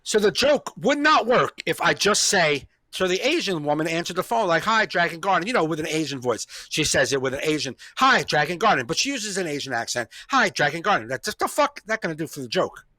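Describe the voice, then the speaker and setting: Male podcast host, comedian, bright edge, dry close sound, profane storyteller. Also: a little high, big pitch swings, brisk, few pauses, no echo. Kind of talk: casual chat.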